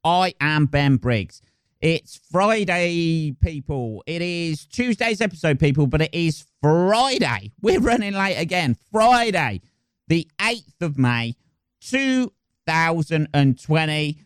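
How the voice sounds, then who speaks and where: A man's voice: a little high, big pitch swings, slow, clear, resonant tone, dry recording, studio quality. A young man hosting a podcast, rambling crudely and swearing in a casual comic monologue. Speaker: podcast host. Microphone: close podcast mic.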